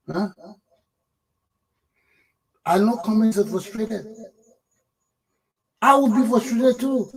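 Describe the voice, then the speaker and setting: A man hosts a talk show and gives heated political commentary. His voice sits high for a man. He talks bluntly, swears freely and hammers the same words over and over. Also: darkish tone, poor audio. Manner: blunt and profane, repeats words, laughs often.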